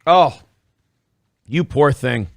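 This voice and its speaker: A man's voice: medium pitch, lively intonation, drawn-out words, no echo, studio quality. A man hosting a morning talk show, chatting casually in a blunt, profane way. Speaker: host. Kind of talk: casual chat.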